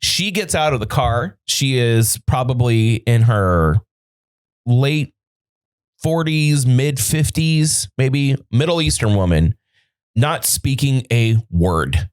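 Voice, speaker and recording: A man's smooth, mid-range voice moves at a slow pace as he hosts a podcast from a studio. He tells a story in casual chat, swearing freely and acting out the quoted dialogue with animation.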